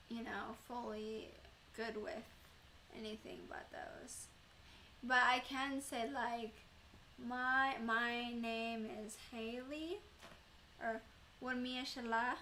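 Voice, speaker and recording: Young female streamer, casual chatty delivery with fillers, unhurried pace, bright tone. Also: on the high side, slight background noise. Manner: chatty, rambling, many fillers and laughs. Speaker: live streamer. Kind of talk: casual chat with live chat viewers.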